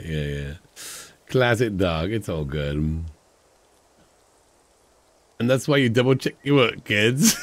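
A young man streaming a game, chatting casually with many fillers and frequent laughter. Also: on the low side.

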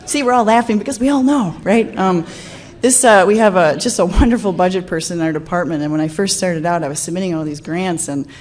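A young woman giving a lively conference talk to an audience, acting out what colleagues said to her. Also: medium pitch. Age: young adult. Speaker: conference speaker.

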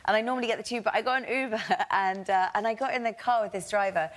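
A woman guesting on a chat show, telling anecdotes in a chatty, animated, giggly way. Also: medium pitch, quick pace. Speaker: guest actress.

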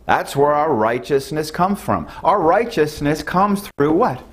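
A man preaching an earnest sermon, often repeating himself, rising to emphatic stresses and dropping to low, quiet tones. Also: lively intonation, measured pace, hardly any pauses, breathy edge.

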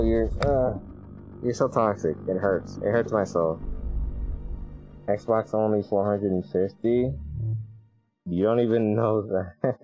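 A man streaming his live reaction to a game event, chatty and excitable and laughing often. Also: mid-range voice, lo-fi sound.

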